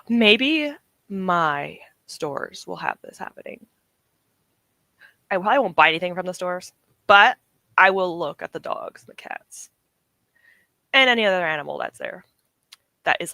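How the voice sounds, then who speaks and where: This young UK streamer has a lowish, gravelly voice that sounds pushed and bright, with no echo. Reading out chat comments, she talks casually, rambles, laughs a lot and keeps correcting herself.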